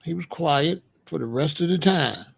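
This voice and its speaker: A man's voice: fairly high pitch, lively intonation, moderate pace, gravelly, husky. A man giving a blunt, streetwise commentary monologue, repeating his points. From Chicago. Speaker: commentary host.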